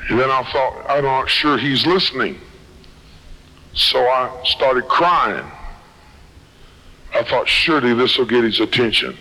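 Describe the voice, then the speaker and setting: A man's voice: medium pitch, a little slow, long pauses, pushed and bright, poor audio. A man sharing a personal testimony with a live audience in a folksy, earnest storytelling way. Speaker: speaker sharing his testimony.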